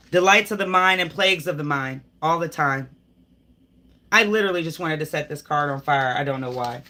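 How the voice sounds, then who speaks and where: Her voice sits on the low side, bright and pushed, with a little hiss or hum in the recording. As a tarot reader doing a live reading, she preaches emphatically right at the viewer, a rambling spiritual pep talk broken by sighs and restarts.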